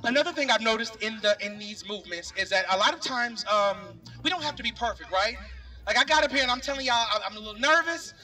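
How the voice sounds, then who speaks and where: A man's voice: sits high, expressive, fast, pushed and bright. A middle-aged man giving an impassioned speech at an outdoor rally, talking straight to the crowd in a casual, earnest way. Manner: earnest, talks directly to the crowd with "y'all". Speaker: speaker at a rally. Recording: voice picked up from a distance.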